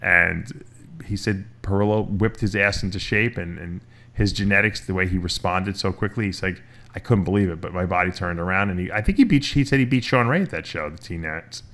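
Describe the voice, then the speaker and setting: A man with a lower-pitched voice hosts a casual talk, retelling a long story. He rambles, restarts himself and slips into quoted lines from the people in it. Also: fairly quick, fairly bright tone. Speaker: podcast host.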